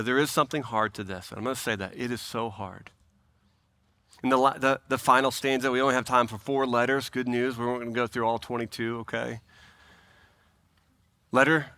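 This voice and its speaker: A pastor delivers a sermon in an earnest, pleading voice. He repeats phrases for emphasis and swings between animated bursts and soft, low asides.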